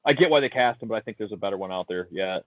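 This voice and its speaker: A man co-hosting a casual podcast chat, swearing freely and giving blunt, animated opinions. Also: fairly low pitch, rapid-fire, no room sound. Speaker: podcast co-host. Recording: dull lo-fi sound, dry.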